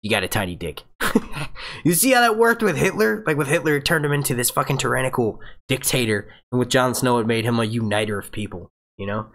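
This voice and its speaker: A man's voice: medium pitch, lively intonation, brisk, vocal fry, fairly bright tone. A man hosting a fan review show, rambling through a live question-and-answer breakdown, reading out viewer questions and restarting his sentences. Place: home setup, phone nearby.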